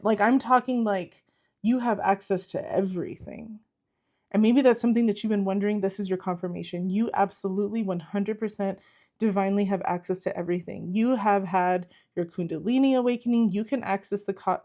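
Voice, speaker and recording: A woman's voice: mid-range voice, darkish tone. A woman giving an earnest, encouraging tarot reading to camera, repeating herself and saying "like" often. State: close to tears at times. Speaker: tarot reader.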